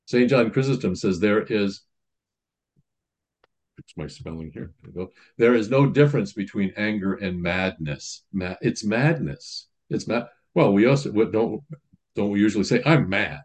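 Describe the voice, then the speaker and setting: A man's voice: on the low side, moderate pace, a little mellow, slightly rough. A man priest giving a sermon in a conversational teaching manner, reading quotations aloud and explaining them.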